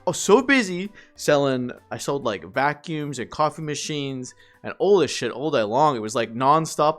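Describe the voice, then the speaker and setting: A man streaming live, rambling through animated work stories to his chat, swearing and laughing as he goes. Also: mid-range voice.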